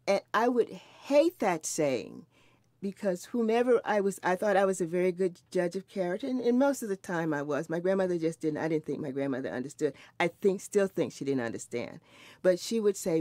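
This septuagenarian interviewee has a lowish, somewhat mellow voice with lively intonation and a moderate pace, captured clean in a studio with no room sound. Sharing memories of her mother and grandmother for an oral history recording, she is sincere and thoughtful and often restarts what she's saying.

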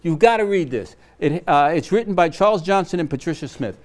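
An older man talks as a guest in a television studio, and his fairly high voice swings widely in pitch. He presses his points emphatically and urges listeners directly. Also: lively intonation, fairly quick. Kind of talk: passionate conversation.

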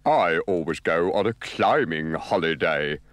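A man voicing a mild, slightly glum male caterpillar for a storybook record, speaking slowly and wistfully. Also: sits low, expressive, a bit bright, no echo.

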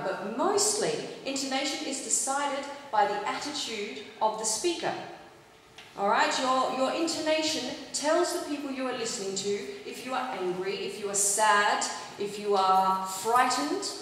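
A rather high-pitched woman speaks as an English teacher, laying out exam advice in a clear, instructive way and checking in with her listeners. Her voice rings out in a large, echoey hall with a long reverb and a faint noise behind it. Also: fairly bright tone. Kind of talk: giving exam advice to students.

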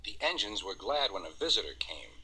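A man narrating a children's story with an expressive, measured reading. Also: on the low side, slight background noise.

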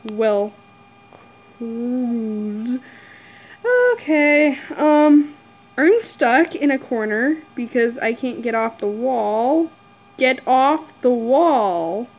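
Playing a horror game on a camera mic, this woman gamer talks to herself in a jumpy, nervous way, squealing and giggling through her let's play commentary. Her voice sits on the high side, she speaks extremely slowly, and the recording is rough.

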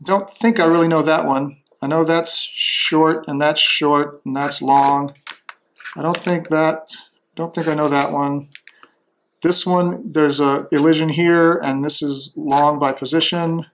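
A man thinking aloud as he slowly works through a demonstration, tentative and musing, with frequent restarts. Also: a little high, fairly even intonation, a bit bright, a little hiss or hum.

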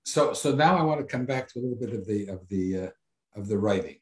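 Halting male interviewer in an echoey room. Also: fairly low pitch, animated. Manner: halting, repeats words as he starts sentences. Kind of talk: interview questions over a video call.

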